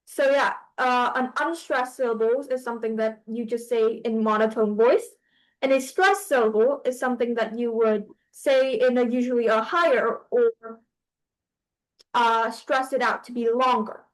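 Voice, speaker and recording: A woman's voice: fairly high pitch, steady tone, normal speed, rough recording. A woman teaching a class, hesitant, with many fillers and restarts. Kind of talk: online class lesson.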